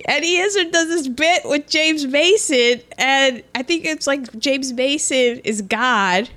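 High-voiced chatty woman co-host. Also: slow pace, fairly bright tone. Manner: chatty, rambling, self-mocking. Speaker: podcast co-host. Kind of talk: casual chat.

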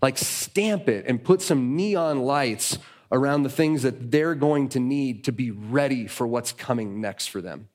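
Man, guest preacher, casual storytelling sermon, middle-pitched voice. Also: a little slow, a little mellow. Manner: conversational, retelling a story with quoted voices. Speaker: guest teacher.

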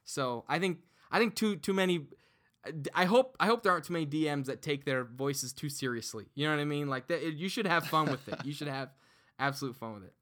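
Earnest man with a bright, slightly high voice. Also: brisk. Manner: earnest, restarts and repeats words often. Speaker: podcast guest and dungeon master. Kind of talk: casual podcast chat.

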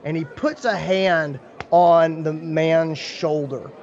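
A man with a Southern US accent, narrating a tabletop game as dungeon master in a halting, filler-heavy way. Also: a little high, steady tone, darkish tone, highs cut off.

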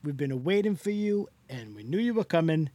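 On a podcast, a man does a comic bit as a doting, effusive Italian-American greeter, gushing with over-the-top welcomes. His voice is fairly high, sing-song and brisk, with a mellow tone and no echo.

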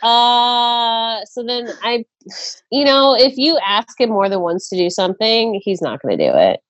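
A woman's voice: on the high side, lively intonation, measured pace, no room sound, dull audio. Chatty, crude young mother laughing. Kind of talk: casual chat.

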